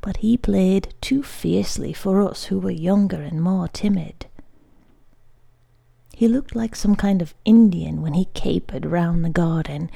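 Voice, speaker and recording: Soft-spoken woman reading a bedtime story. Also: fairly low pitch, creaky. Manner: soft, often half-whispered reading. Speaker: podcast host and reader.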